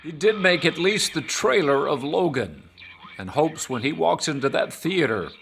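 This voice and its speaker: A man reporting a news feature in scripted narration with a wry, measured delivery. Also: a little high, expressive, creaky, fairly bright tone, a little hiss or hum.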